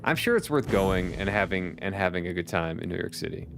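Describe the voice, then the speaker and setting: A man's voice: deep voice, lively intonation, brisk, creaky. A man streaming a video game, chatting casually with his viewers, laughing often and swearing now and then. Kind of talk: casual chat while gaming. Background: faint background music.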